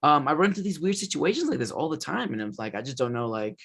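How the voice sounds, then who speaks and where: Casual podcast guy from the West Coast with a slightly high voice; loose, filler-heavy storyteller who curses freely. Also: very animated, quick pace, gravelly, fairly bright tone.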